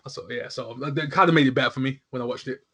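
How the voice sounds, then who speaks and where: A man's voice: medium pitch, very fast, bright, forceful tone. A young man chatting casually, rambling with lots of filler words as he talks. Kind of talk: casual chat.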